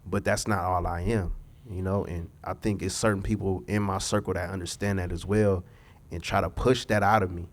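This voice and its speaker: A man's voice: deep voice, steady tone, brisk. A young man from Los Angeles, a singer and songwriter, chatting as a guest in a laid-back, reflective way with loose slang. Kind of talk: casual podcast conversation.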